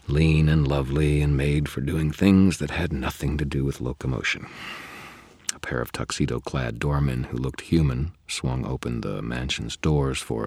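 A man reads a first-person novel aloud with wry, deadpan delivery. His voice sits extremely low and husky, and the recording is dry with no room sound. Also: no echo. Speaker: audiobook narrator.

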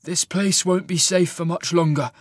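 A raspy, grim young man turning cold and sinister, as an audiobook narrator puts him on. The voice sits higher than the narration and pushes hard, recorded very dry. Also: steady tone, normal speed, no room sound.

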